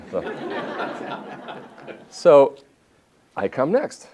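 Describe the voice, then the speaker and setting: A man in his fifties, a journalist giving a talk at a university, telling anecdotes in an animated way and often restarting his sentences. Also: medium pitch, takes it slowly, pauses often, some chatter behind, a little hiss or hum. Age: 50s. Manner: animated storytelling with restarts and self-corrections. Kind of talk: lecture with anecdotes. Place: university lecture hall.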